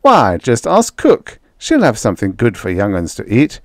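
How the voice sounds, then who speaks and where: A man's voice: wildly swooping pitch, normal speed, no echo, studio quality. A man voicing a hearty, self-assured wealthy industrialist in an audiobook story. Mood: jovial. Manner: booming, jovial, self-assured. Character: hearty rich older male industrialist.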